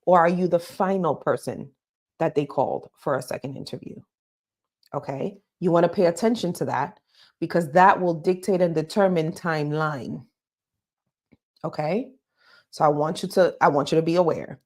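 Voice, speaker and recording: Woman career coach with a lower voice, emphatic, direct-address live talk. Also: moderate pace, a little mellow. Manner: emphatic, repeats "okay?" to check in.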